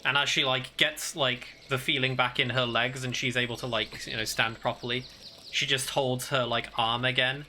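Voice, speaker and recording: A man narrates a tabletop game as game master, rambling, leaning heavily on fillers and laughing easily. His mid-range voice is level, bright and forceful at normal speed, with slight background noise.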